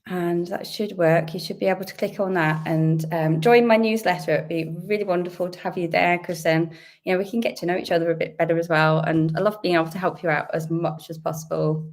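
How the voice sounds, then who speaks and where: A British woman from the UK, a little croaky from a sore throat, hosting a chatty, upbeat live-stream Q&A from home and greeting her viewers. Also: on the low side, fairly even intonation, fairly quick. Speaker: host. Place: home indoors.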